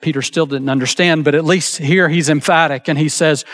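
A pastor preaching a sermon in an earnest, emphatic way, slowing down to stress key phrases and acting out quoted lines. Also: male voice, a little high, a bit bright.

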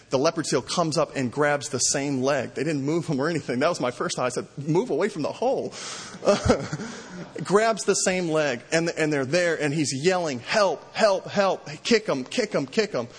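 A man's voice: fairly high pitch, breathy edge. Preaching man in a reverberant hall. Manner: storytelling preacher, varies pace, acts out cries. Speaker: pastor. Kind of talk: sermon. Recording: long reverb in a large hall.

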